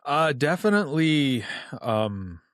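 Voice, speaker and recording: A man in his thirties from New York, a podcast guest telling personal stories in a relaxed, conversational way with asides. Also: a little high, slow pace, no echo, studio quality. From New York, USA. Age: 30s. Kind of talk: casual storytelling.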